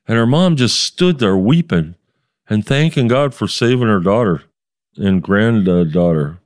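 A man's voice: on the low side, lively intonation, measured pace. A man, a street preacher, telling a story in an interview with emphatic delivery, acting out the voices of the people in it. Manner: emphatic, quotes others in dialogue, many restarts.

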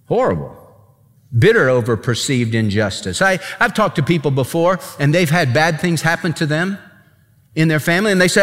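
Animated male preacher in a reverberant hall. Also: fairly high pitch, moderate pace. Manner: emphatic, animated, conversational preaching. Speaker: pastor. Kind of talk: sermon.

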